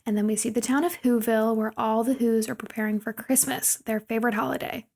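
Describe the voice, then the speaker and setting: A woman's voice: fairly high pitch, fairly even intonation, fast, a little mellow. A woman co-hosting a podcast, chattily retelling a movie scene by scene. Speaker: podcast co-host. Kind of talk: casual podcast movie recap.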